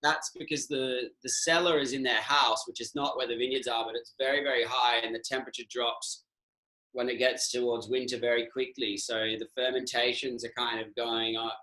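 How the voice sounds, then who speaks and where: A man hosting a relaxed chat on a video call, asking questions with easy enthusiasm. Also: medium pitch, a little fast, roomy sound, rough recording.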